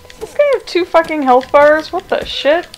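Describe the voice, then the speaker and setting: A woman streaming a video game from home on a cheap, sensitive desk mic, reacting excitably and swearing often. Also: sits high, normal speed, slight background noise, poor audio. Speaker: gaming streamer. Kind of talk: casual let's-play commentary. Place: home room, roommates nearby.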